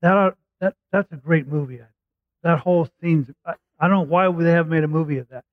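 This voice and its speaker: A man preaching a sermon, retelling a scripture story in a lively, conversational way and voicing the characters' lines. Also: a little high, a little fast, dry recording. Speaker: pastor. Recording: tinny phone-like dry sound.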